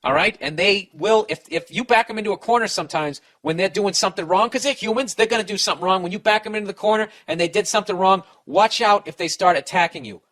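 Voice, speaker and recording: Slightly high-voiced man hosting a comedy podcast, swearing and rambling as he gives advice. His delivery is heated and blunt. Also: quick pace, hardly any pauses, fairly bright tone. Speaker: podcast host giving advice.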